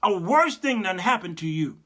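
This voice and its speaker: A man hosts his own livestream commentary as a host and Bible teacher, delivering it in a lively, sermon-like, animated and preachy way. His voice sits fairly high for a man, and he talks at a moderate pace in a folksy, direct style.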